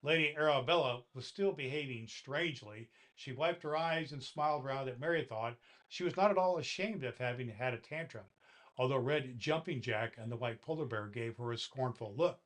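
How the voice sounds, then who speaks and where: Playing Santa Claus, a man softly reads a children's story aloud and chats with the boys and girls listening. His voice is medium in pitch and his pace is normal.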